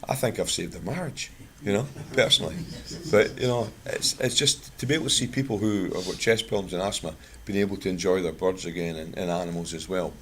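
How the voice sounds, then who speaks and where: A man's voice: low voice, brisk, hardly any pauses, fairly bright tone, slight background noise. A Scottish man from Scotland giving a chatty, plain-spoken talk to a bird club, mixing product advice with anecdotes. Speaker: guest speaker at a bird club.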